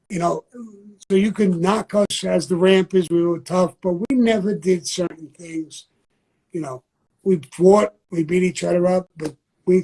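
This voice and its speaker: An older man with a mellow, warm voice. He speaks bluntly in a loose, conversational interview style, circling back and repeating his points. His pitch sits a little high for a man. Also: rough recording. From New York. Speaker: interview guest. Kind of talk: candid interview talk.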